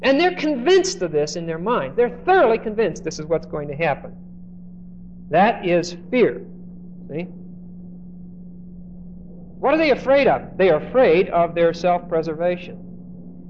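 A high-pitched male preacher teaching through a passage verse by verse. He acts out what the people in the story say and stumbles over repeated words as he starts a thought. The recording is muffled and lo-fi, with a faint hiss behind him. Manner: animated, acts out quoted speech, repeats words when starting. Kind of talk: expository Bible teaching.

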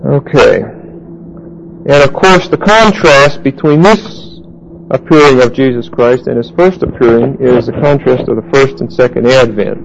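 A man teaching a Bible class verse by verse, halting with fillers and restarts and putting questions to his listeners. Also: mid-range voice, vocal fry, a little hiss or hum, low-quality recording.

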